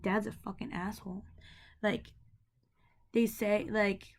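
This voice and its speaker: A woman's voice: medium pitch, level tone, takes it slowly, vocal fry. A young woman ranting to the camera about her family, heated and rambling, with many fillers and repeated words. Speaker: vlogger. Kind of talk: emotional personal rant to camera.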